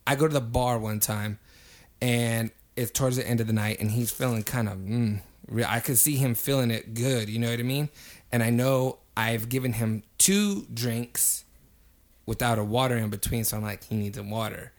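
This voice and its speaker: A young man telling a story in casual podcast chat, animated, swearing freely and getting loud when acting out quotes. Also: mid-range voice, moderate pace. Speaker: podcast co-host.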